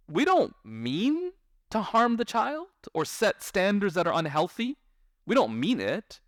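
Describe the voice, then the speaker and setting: A man who is a parent gives a lively lecture, often asking his audience questions and acting out parents and children. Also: high voice, a little slow, dry recording, clean studio sound. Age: adult parent. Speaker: Islamic speaker.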